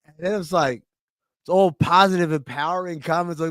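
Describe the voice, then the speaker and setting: A male podcast host chats casually, telling stories with animation and acting out the quotes in them. His voice is on the high side and fairly quick, in a dry recording.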